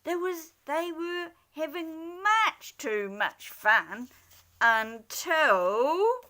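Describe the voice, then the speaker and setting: A woman reading a children's picture book aloud in an expressive, animated way. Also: sits high, extremely slow. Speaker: storyteller.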